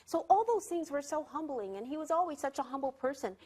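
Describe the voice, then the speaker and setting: Woman, talk show guest, high voice, animated storyteller, laughs often. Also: fast. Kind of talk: casual chat, storytelling.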